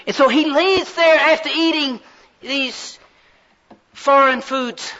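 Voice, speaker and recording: A man's voice: very high-pitched, slow, sharp tone, a faint crowd. A man preaching a sermon in a fervent, folksy storytelling way. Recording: slightly muffled recording.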